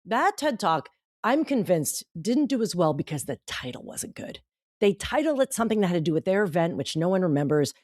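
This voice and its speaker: Lively middle-aged woman telling stories. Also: fairly low pitch, a little fast, no echo, clean studio sound. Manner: animated storyteller who acts out quoted dialogue. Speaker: guest author and speaker. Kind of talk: casual podcast conversation.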